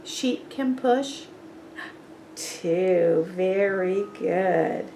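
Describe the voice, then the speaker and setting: Very slow, patient woman reading aloud. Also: mid-range voice, mellow, a little hiss or hum. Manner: patient, praising, asks questions. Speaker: storybook reader. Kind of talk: children's read-aloud with rhyming quiz.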